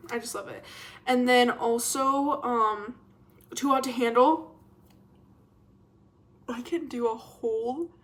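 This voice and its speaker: Young female vlogger, slightly high voice, casual rambling chat. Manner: chatty, rambling, expressive, self-mocking.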